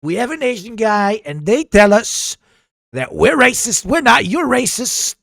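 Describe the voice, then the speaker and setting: A brash male government staffer rants in a raised, indignant voice, as a man puts him on. He sounds defensive and mocking, pitched up and pushy. The delivery is loud and scornful. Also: big pitch swings, unhurried, vocal fry, no room sound, clean studio sound, full character voice.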